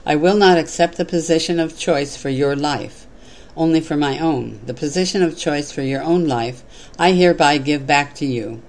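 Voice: medium pitch, moderate pace, close to an everyday voice. A storyteller voicing an ordinary man struggling to hold a rope, who speaks with exasperated urgency. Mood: firm. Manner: exasperated, then firm.

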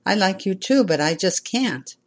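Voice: medium pitch, animated, moderate pace, pitched above the performer's own voice, lightly acted. A minister voicing a nervous young woman on a first date, refusing anxiously.

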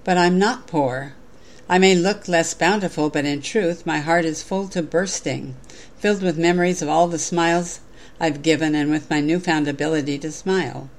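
Greedy grumpy storybook king, woman reading him in a low voice. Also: moderate pace, lightly acted. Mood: earnest. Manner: lightly acted storybook reading. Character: greedy, sulking male king.

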